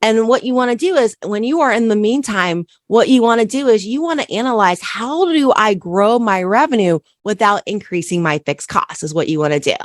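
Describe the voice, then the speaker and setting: A woman's voice: mid-range voice, animated, fairly quick, few pauses, no room sound, studio quality. A woman accountant hosting a solo business podcast, coaching listeners and repeating key questions with frequent "right?" checks.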